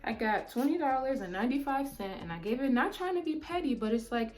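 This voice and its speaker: A woman's voice: high-pitched, fast talker, soft background music. Talkative young woman telling a story. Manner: animated and talkative, often saying "mind you" and "like". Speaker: beauty vlogger. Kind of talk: casual storytime chat while doing makeup.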